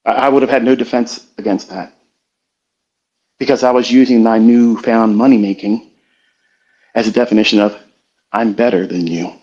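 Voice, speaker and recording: A middle-aged man talks in an earnest, confessional way, pausing and restarting as he works through his thoughts. His voice sits at an ordinary middle pitch. The sound is slightly muffled, like an online audio stream. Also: little pitch movement, darkish tone. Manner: earnest, confessional, slow and halting. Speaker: trading educator hosting a live audio room. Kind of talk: reflective motivational talk.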